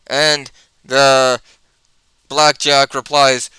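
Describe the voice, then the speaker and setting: A man's voice: mid-range voice, fairly even intonation, takes it slowly, bright, forceful tone, clear, resonant tone, no echo, rough recording. Man casually reading a comic aloud. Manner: casual, rambling asides. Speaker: comic book reviewer.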